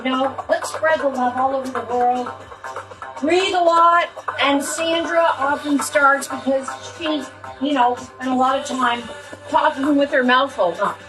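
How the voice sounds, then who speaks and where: High-pitched lady rambling playfully to her group, music going behind her. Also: a little slow, low-quality recording. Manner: playful, rambling with many fillers and sudden shouts. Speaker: host of a wellness session. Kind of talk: chatty closing talk to an audience.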